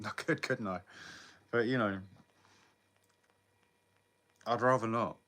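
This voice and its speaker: A man's voice: mid-range voice, slow pace, pushed and bright. A man in his thirties from the south coast, chatting casually on a livestream, swearing freely and answering viewers' comments. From England. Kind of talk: casual live chat with viewers.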